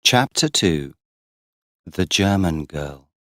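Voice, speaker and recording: A man reading a graded story aloud as an audiobook narrator for English learners, deliberate and clear. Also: low-pitched, lively intonation, a bit bright, dry recording, studio quality, soft background music.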